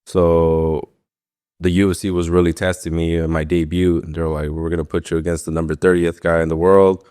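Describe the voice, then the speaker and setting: A man's voice: low voice, level tone, brisk, darkish tone, clean tone. A young man, a fighter, telling his story in a casual interview, rambling with lots of fillers and swearing freely. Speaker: guest, professional MMA fighter.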